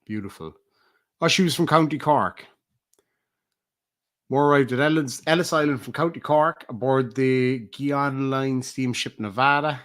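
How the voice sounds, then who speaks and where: A man's voice: mid-range voice, unhurried. An Irish man streaming live, reading viewer comments aloud in a casual, rambling way with frequent hesitant ums. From Ireland.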